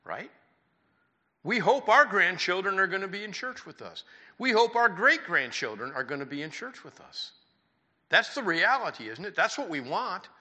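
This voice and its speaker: Folksy older man preaching, bright voice. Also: high voice. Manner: folksy, conversational preaching with rhetorical questions. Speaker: pastor. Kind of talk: sermon. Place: church.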